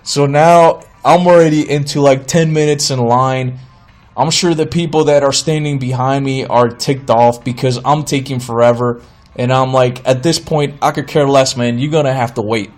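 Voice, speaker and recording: A man in his thirties hosts a podcast and tells a comedic story in an exasperated, animated way, mimicking the people in it. His voice is mid-range and his speed normal.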